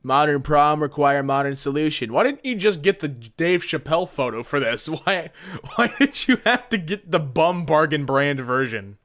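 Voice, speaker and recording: A man hosting a casual comedic meme commentary, jumping into squeaky silly voices. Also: expressive, normal speed, a bit bright, faint music behind. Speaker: meme reaction host.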